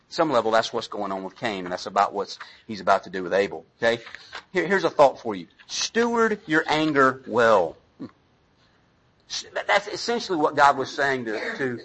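Male pastor, middle-aged, sermon, chatty asides, bright edge, husky tone. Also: medium pitch, rough recording. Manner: conversational, self-deprecating preaching with asides to the congregation.

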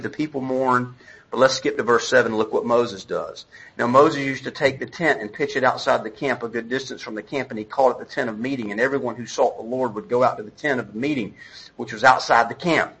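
A man's voice: mid-range voice, a little fast, fairly bright tone, husky, poor audio. A man preaching a sermon, reading scripture and paraphrasing it in conversational, acted-out dialogue. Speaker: pastor.

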